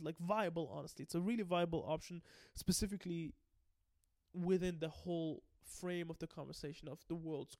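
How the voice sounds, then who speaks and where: A man giving an excitable, casual recap, swearing freely and often stumbling and restarting. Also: a little high. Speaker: anime and manga recap host.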